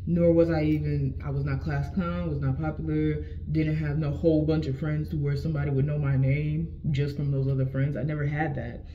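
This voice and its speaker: A young adult woman telling a casual storytime vlog, animated and profane, with lots of slang and acted-out quotes of herself. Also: sits low, fairly quick, hardly any pauses, a little hiss or hum. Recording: slightly dull lo-fi sound.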